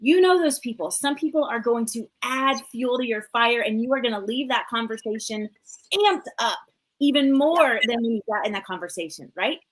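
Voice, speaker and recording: A woman in her forties hosting a live motivational talk show, energetic and chatty, full of "like" and "you know". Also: fairly high pitch, moderate pace, poor audio. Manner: energetic, chatty, many fillers. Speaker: host and coach.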